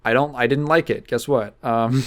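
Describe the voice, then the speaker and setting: A man's voice: mid-range voice, steady tone, moderate pace. A young man hosting a casual podcast, rambling loosely with lots of fillers and the odd curse. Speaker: podcast host. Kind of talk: casual chat.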